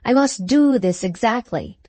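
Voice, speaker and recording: A woman voicing an earnest foreign male musician who speaks gently but gravely in a storybook reading. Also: fairly high pitch, lively intonation, a little slow, no room sound. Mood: solemn emphatic.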